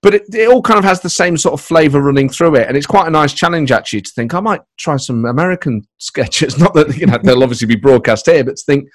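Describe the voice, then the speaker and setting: A man's voice: fairly high pitch, no room sound, studio quality. A man, a comedy writer and voice performer, chatting casually in an interview from his spare room, rambling and breaking into his own sentences. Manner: rambling, self-interrupting, with quick bursts of put-on voices. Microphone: microphone on a laptop.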